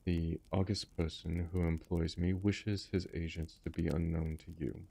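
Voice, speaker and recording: A man's voice: sits low, level tone, unhurried, gravelly, dark tone, husky, full character voice. A man voicing a masked, secretive Bohemian nobleman who speaks formally and guardedly.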